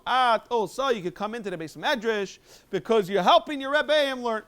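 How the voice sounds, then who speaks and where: A man, a rabbi teaching a Talmud review class and explaining in a quick, animated way. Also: extremely high pitch, smooth. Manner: quick, animated explaining with sudden emphatic jumps. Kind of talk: Talmud lecture, English mixed with Hebrew and Aramaic terms.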